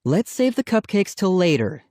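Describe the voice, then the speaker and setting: A man voicing a patient mother for a storybook, lifted somewhat above his own pitch, speaking calmly but firmly. The delivery is close and dry. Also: moderate pace, no echo. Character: patient middle-aged mother, gently scolding. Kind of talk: audiobook character voice.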